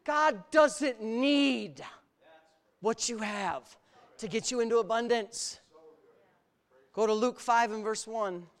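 Animated male pastor preaching. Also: sits high, measured pace, clean tone. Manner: animated, exclamatory, laughs while telling stories. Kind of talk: sermon.

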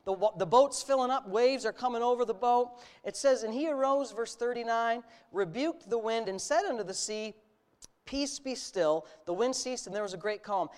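A pastor, a middle-aged man, opens his sermon with a relaxed, conversational personal story and then builds to bold, forceful exhortation. His pitch is typical for a man but rises to loud, emphatic peaks as he presses his points, and the tone is clean.

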